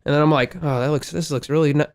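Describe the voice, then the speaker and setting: A man co-hosting a podcast, telling stories in a casual, profane and animated way, with loud exclaimed quotes. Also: a little high, quick pace, smooth, no room sound. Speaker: podcast co-host. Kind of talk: casual chat, storytelling.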